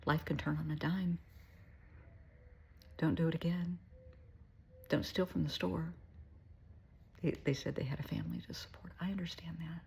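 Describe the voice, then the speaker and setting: A middle-aged woman speaking as a therapist, talking earnestly in a folksy way and often dropping to a soft, breathy near-whisper. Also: low voice, steady tone, moderate pace, pauses often. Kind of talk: casual heartfelt monologue.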